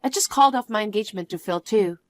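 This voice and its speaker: A young woman telling her own story in first person, expressive and quick to exclaim. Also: medium pitch, no room sound. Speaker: narrator.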